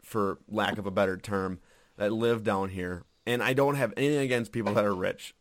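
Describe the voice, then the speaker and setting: A man telling stories in casual chat, profane and animated, often laughing. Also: on the low side, normal speed. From Wisconsin.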